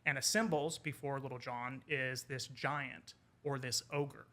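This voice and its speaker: A man, an English professor, telling a folk tale in casual conversation over wine, animated and quoting the characters. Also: mid-range voice, unhurried. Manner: animated retelling with quoted character lines. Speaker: podcast guest, English professor.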